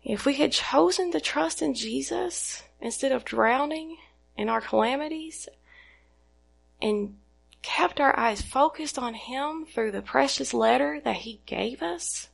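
A woman's voice: high-pitched, expressive, slow, creaky, fairly bright tone. A woman preaching a sermon in an earnest way, putting questions to her listeners and retelling scripture.

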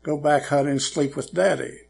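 A man voicing a gentle mother soothing her son in a joke. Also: fairly high pitch, steady tone, normal speed, vocal fry, soft background music.

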